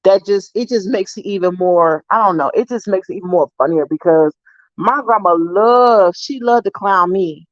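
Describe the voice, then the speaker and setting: A woman vlogger casually telling family stories to her viewers, animated and swearing freely. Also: medium pitch, moderate pace, no room sound, highs cut off.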